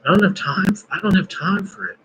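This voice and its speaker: A man's voice: high voice, fast, fairly bright tone, slightly rough, dull audio. A man hosting a casual live stream, musing and praying aloud between his thoughts. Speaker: podcast host.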